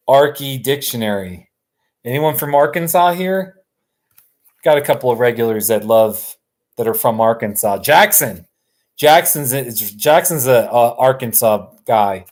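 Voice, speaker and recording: A man hosting a live stream from his couch, chatting casually in a relaxed, rambling way and chuckling often. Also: mid-range voice, a little slow. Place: sitting on a couch at home.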